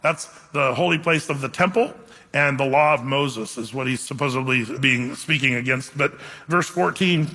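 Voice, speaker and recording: Bright-voiced male pastor, animated storytelling. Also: medium pitch, normal speed, big-room sound. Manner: animated, self-deprecating storyteller. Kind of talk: sermon with personal storytelling.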